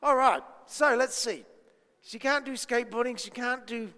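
Aussie guy doing the kids' talk at church, fairly high voice, lots of questions, big echoey hall. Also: normal speed, pushed and bright. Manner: playful, questioning, coaxing. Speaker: children's minister.

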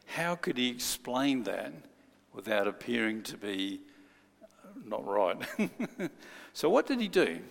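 Slow, gravelly preacher. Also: male voice, medium pitch, sing-song. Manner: storytelling, acts out quoted voices. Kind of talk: sermon. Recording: long hall reverb.

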